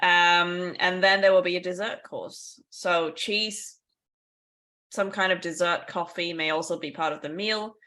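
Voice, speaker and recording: A woman co-hosting a relaxed conversational podcast, her voice sitting a little low. She explains things in a chatty, easygoing way, adding asides and light laughs as she goes. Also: a little slow. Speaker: podcast co-host.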